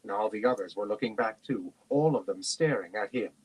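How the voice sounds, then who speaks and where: A man reading a fantasy novel aloud in a steady, measured way on a livestream. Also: on the low side, slightly rough, rough recording. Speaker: reader.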